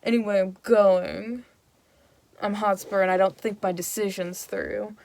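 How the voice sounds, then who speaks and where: A woman's voice: mid-range voice, steady tone, measured pace, gravelly, darkish tone, dry recording. Brash young nobleman, petulant and blunt, read plainly by a woman, dry close sound.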